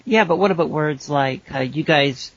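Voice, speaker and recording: An English man chats on a podcast with a slightly raised pitch, hesitating with ums and pausing for effect. The sound is dry and a little dull. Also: no room sound. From England. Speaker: podcast co-host. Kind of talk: casual chat. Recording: dry, somewhat dull lo-fi audio.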